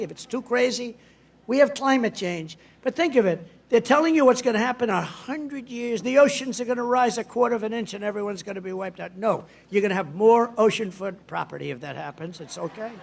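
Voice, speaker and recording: A man's voice: high-pitched, creaky. A man giving a rally speech in a rambling, boastful, digressive way. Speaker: politician addressing a rally.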